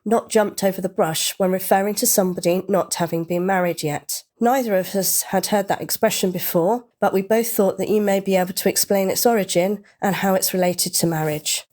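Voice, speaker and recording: A woman on a podcast reading a listener's letter aloud in a steady, clear way. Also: mid-range voice, fairly quick, few pauses. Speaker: podcast co-host.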